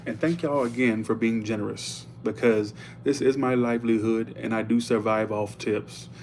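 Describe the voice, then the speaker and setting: A man's voice: fairly low pitch, fairly even intonation, normal speed, slight background noise. A man giving a casual live tarot reading, chatty and blunt, stopping often to thank viewers for tips. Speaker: tarot reader.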